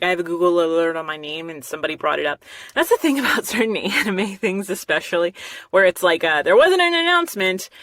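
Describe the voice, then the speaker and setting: A woman hosting a casual solo podcast, catching listeners up in an animated, laughing way. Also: medium pitch, no echo, clean studio sound. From half Mexican. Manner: animated storytelling with frequent laughs. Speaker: podcast host. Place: small recording studio. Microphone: studio microphone.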